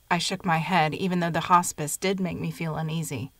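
A woman narrating a short story in a measured, even storytelling manner. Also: deep voice, no room sound.

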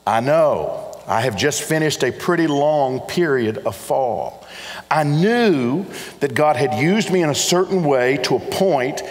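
Pastor preaching in a reverberant church. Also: male voice, a little high. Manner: earnest, repetitive emphasis, addresses congregation directly. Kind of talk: sermon. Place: church sanctuary.

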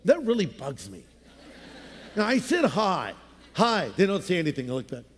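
Male pastor, high-pitched voice, casual storytelling sermon with a lot of hall echo. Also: huge pitch swings, a little fast. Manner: conversational storytelling with playful voices.

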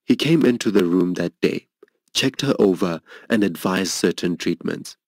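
A man's voice: expressive, moderate pace, dry recording. A middle-aged man preaching, telling a personal story in an earnest, emotional way. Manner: earnest, emotional storytelling, voicing others' lines higher. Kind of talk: sermon testimony storytelling.

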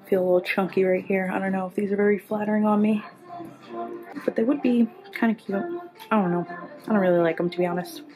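A woman's voice: mid-range voice, dark tone, rough recording. A young woman vlogging a clothing try-on from a store fitting room, chatting candidly and bluntly about how each item fits. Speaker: fashion vlogger. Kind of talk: casual try-on haul chat. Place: store fitting room, later inside a car. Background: background music.

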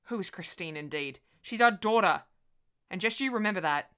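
A grown man, a protective husband, speaks in a firm, emphatic way, half teasing and half stern, as a woman reads him in a storybook reading. The voice is bright and crisp, a little low for a woman. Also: animated, moderate pace, natural voice.

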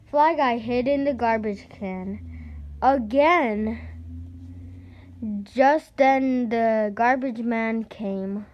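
A woman reading a children's picture book aloud at a slow, deliberate pace. Her voice sits slightly high. She sometimes trips over a word and starts it again. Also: lo-fi sound. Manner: slow, careful reading with stumbles and restarts. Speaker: storybook reader.

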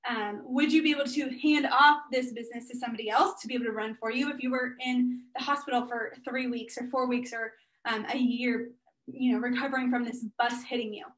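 Upbeat high-voiced woman presenter. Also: fairly even intonation, brisk, fairly bright tone. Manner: upbeat, chatty and encouraging, speaking straight to the audience. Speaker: guest speaker and business owner. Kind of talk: energetic workshop presentation.

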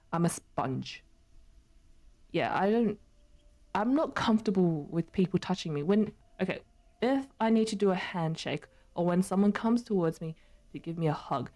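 A woman's voice: on the low side, warm tone. A young woman streaming, chatting casually with her viewers while she plays, laughing often. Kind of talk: casual chat while gaming.

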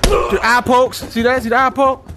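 A man giving live commentary while playing a VR fighting game. He trash-talks his opponent, lets out loud whoops and makes chatty asides to viewers. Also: very high-pitched, little pitch movement, normal speed, music in the background.

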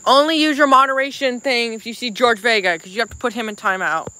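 A woman streaming live, angrily venting to her chat and apologizing over and over while clearly upset. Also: fairly high pitch, quick pace, sharp tone. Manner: angry venting, repeated apologies. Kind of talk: casual livestream chat.

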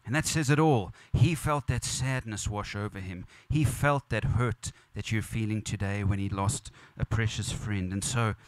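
This pastor, with a lowish voice, gives a funeral sermon at a moderate pace with few pauses and no echo in the sound. Set in a church or funeral venue, he is earnest and repetitive, steadily building emphasis.

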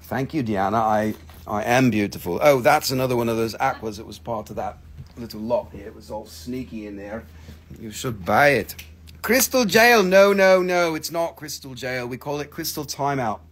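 A man's voice: mid-range voice, moderate pace, breathy edge. A man hosting a live gem sale show, chatty and joking, swearing casually, with phrasing. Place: gem shop studio.

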